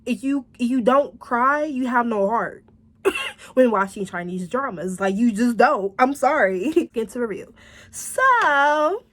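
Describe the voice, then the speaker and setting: Woman rambling through a drama review, kinda high voice, animated and laughy, swears a lot. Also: takes it slowly. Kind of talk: casual review chat.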